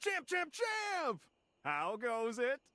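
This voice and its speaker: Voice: high-pitched, wildly swooping pitch, takes it slowly, bright, forceful tone, exaggerated voice. An actor voicing an eager, folksy office helper in a video game, with hearty, salesy pep.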